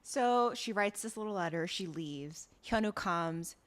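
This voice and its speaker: A woman co-hosting a podcast in casual chat, recapping scenes as a lively storyteller with exasperation. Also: mid-range voice, measured pace. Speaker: podcast co-host.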